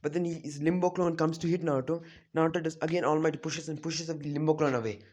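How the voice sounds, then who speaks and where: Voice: medium pitch, steady tone, quick pace, darkish tone. Rambling fan storyteller with fillers. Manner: rambling, lots of fillers and self-corrections. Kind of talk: casual off-the-cuff story narration.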